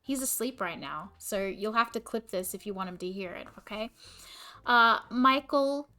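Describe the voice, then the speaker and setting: A woman's voice: medium pitch, brisk, sharp tone. A woman in her twenties, a teacher who livestreams, venting in casual chat and swearing often. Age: 20s. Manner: exasperated venting, frequent swearing.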